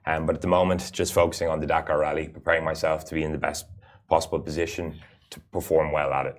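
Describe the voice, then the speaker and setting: A man's voice: a bass voice, flat delivery, quick pace. A man, a rally racer and guest, giving earnest, explanatory interview answers with frequent "uh" fillers. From Ireland.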